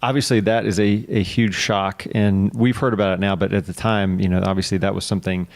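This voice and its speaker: A man hosting a podcast interview, speaking in a friendly, halting way and often pausing to rephrase. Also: lowish voice, flat delivery. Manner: friendly, hesitant, many fillers and restarts. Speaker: podcast host.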